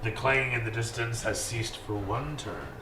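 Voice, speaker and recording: A man narrating as dungeon master in a casual way, swearing often and filling pauses with "uh". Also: mid-range voice, noisy background. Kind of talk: narrating a tabletop game with shouted character voices. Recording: echoey room from far off, music behind.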